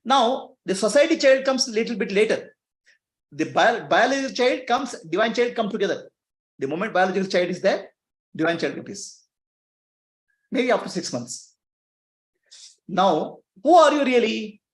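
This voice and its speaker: A male spiritual teacher talks to his listeners in an echoey room. His pitch rises and falls freely as he asks them rhetorical questions and chuckles between points. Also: big pitch swings, normal speed, pauses often.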